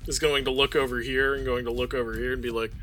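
A man's voice: mid-range voice, flat delivery, fast, a bit bright. A man playing in a tabletop game, laughing easily and talking with a few hesitations. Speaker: player.

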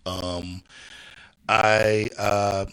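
Laid-back, bright-voiced man. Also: fairly low pitch, level tone, extremely slow, clear, resonant tone, low-quality recording. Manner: laid-back, heavy use of "you know what I'm saying". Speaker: podcast guest, homebrewer. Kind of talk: casual chat. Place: indoors, seated at a table with beers.

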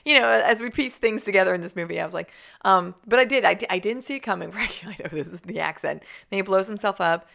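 A woman chatting casually about a film with friends. Her talk is animated and full of fillers, and she laughs easily. A gravelly fry runs through her voice. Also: medium pitch, quick pace. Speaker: podcast co-host. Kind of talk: casual chat.

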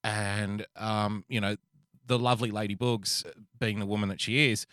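A man's voice: fairly low pitch, flat delivery, normal speed, a bit bright, no room sound, clean studio sound. A man co-hosting a podcast, telling a long, profane, rambling anecdote in casual chat. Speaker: podcast co-host.

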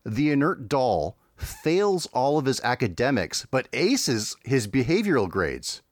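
Male podcast co-host, joking recapper, animated pitch, dry close sound. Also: unhurried, no echo. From Canada. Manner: laughs often, recaps with dry jokes. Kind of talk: casual chat, summarizing cartoons.

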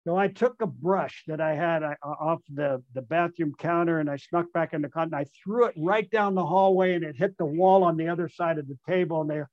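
A man's voice: fairly high pitch, a little fast, hardly any pauses, a little mellow, dry recording. An older man, a retired ballplayer guest, telling a rambling, self-amused anecdote full of restarts and fillers over muffled call audio. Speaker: guest, retired baseball player. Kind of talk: storytelling anecdote.

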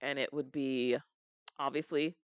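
A woman co-hosting a podcast in casual chat, relaxed, hedging her words with fillers. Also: extremely low pitch, measured pace, smooth, no echo. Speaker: podcast co-host.

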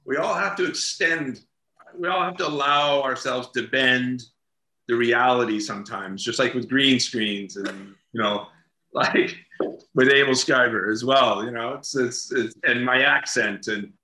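A man's voice: mid-range voice, measured pace, bright, forceful tone, roomy sound. A man being interviewed as an actor, telling stories in casual chat and laughing as he talks. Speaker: actor guest.

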